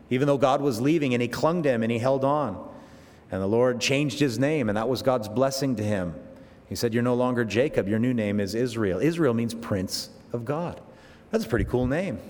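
A man preaching a verse-by-verse sermon, rising to loud emphatic peaks and dropping to slow, quiet asides, with frequent restarts. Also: medium pitch. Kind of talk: expository sermon. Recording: long hall reverb.

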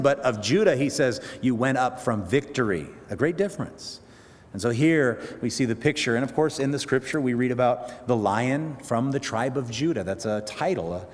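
A man preaching a sermon, retelling a Bible story with animated, halting storytelling that swells loud at the dramatic moments. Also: medium pitch. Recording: long hall reverb.

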